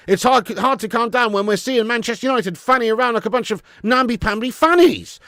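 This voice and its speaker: A man's voice: sits high, no echo, clean studio sound. A young man hosting a live football fan stream, ranting fiery and laughing with lots of swearing. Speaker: football fan channel host.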